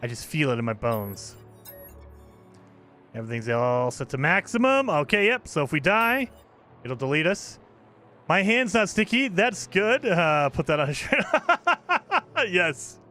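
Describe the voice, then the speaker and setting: A man's voice: a little high, very animated, moderate pace, pushed and bright, soft background music. A man streaming a space survival game, chatting casually with his viewers and laughing often while he plays. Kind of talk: casual live game commentary.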